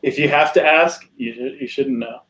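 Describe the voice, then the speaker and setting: A man's voice: medium pitch, moderate pace, fairly bright tone. A man chatting on a video call, teasing the others and laughing often. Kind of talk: casual group video chat.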